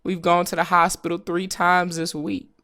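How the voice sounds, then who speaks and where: Man doing a whiny, high-pitched excuse-maker pleading with a bill collector, comic and drawn out. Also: monotone, moderate pace, bright, forceful tone.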